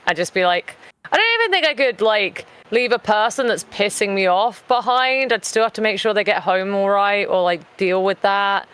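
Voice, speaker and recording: A playful, chatty woman with a British accent co-hosts a charity livestream. She talks casually and affectionately, and reads out messages in the same easy voice. Her voice sits at an ordinary, mid pitch. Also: fairly even intonation, normal speed, few pauses, a bit bright, clean tone. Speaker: charity stream co-host. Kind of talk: casual stream chat and reading donation messages.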